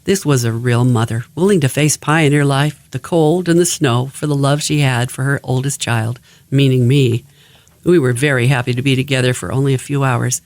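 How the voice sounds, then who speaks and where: A man reads aloud from an old family memoir, keeping a steady, even pace. His voice sits at a middle pitch for a man. The recording is dry and close, with no room sound around him. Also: moderate pace, dry recording.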